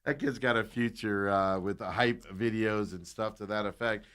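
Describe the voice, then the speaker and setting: A man co-hosting sports talk radio, telling stories in an excitable, animated way. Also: on the low side, normal speed, a little hiss or hum.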